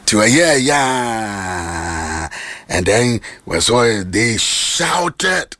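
A Ghanaian man delivers a sermon, mixing Twi and English. His voice is gravelly and a little husky, with a bright, forceful edge. He swings widely in pitch, from low talk up to high shouts, in a dry close recording. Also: big pitch swings, extremely slow, no room sound. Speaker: preacher.

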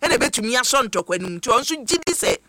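A man hosting a radio talk show, addressing listeners as family and introducing guests in an animated way. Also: extremely high pitch, fast talker, noisy background. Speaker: host.

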